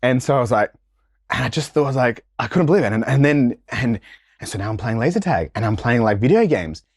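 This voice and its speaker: A man, a guest in a casual interview, telling stories in a slangy, animated way and acting out the voices of people in them. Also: medium pitch, fast, slightly rough, no room sound, studio quality.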